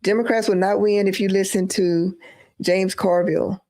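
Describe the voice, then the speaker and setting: A woman's voice: mid-range voice, steady tone, normal speed, warm tone. A woman giving emphatic live-stream political commentary, repeating phrases for emphasis.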